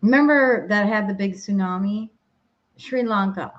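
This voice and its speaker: A woman's voice: medium pitch, unhurried, muffled recording. A woman from Minnesota with a Minnesotan accent, co-hosting a podcast in casual chat, rambling and searching for words. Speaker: podcast co-host.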